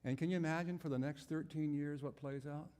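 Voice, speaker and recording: A man's voice: a little high, fairly even intonation, a little fast, mellow, big-room sound. A man preaching a sermon, telling a Bible story and asking his listeners questions. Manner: storytelling, acts out biblical characters' voices; asks the audience questions.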